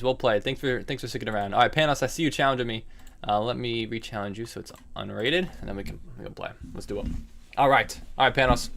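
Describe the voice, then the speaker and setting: A man's voice: medium pitch, a bit bright. A man streaming online chess, chatting casually and thinking aloud about his moves while answering viewers. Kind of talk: casual live-stream game commentary.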